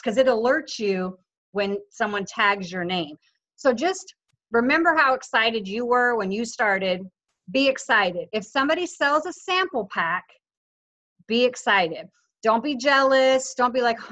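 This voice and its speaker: A fairly high-voiced woman coaches her sales team over a video call, upbeat and insistent. She slips into lively quoted voices as she goes. The audio is dull and lo-fi. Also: moderate pace. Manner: upbeat, insistent, animated quoting of others. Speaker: team leader coaching affiliates.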